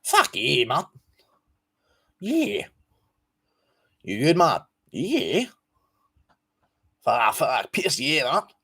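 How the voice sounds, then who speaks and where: Brief: man playing a rowdy bloke, slangy, shouty thanks. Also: fairly high pitch, huge pitch swings, very slow, pauses often, husky, no room sound, studio quality, heavily acted. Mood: hearty. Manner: loud, slangy, repeats "mate". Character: boisterous Australian bloke thanking a donor.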